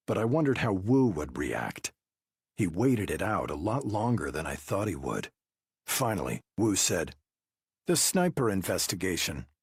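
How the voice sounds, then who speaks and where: A man narrating an audiobook thriller in a measured, first-person storytelling manner with a husky voice. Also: sits low, dry recording, studio quality.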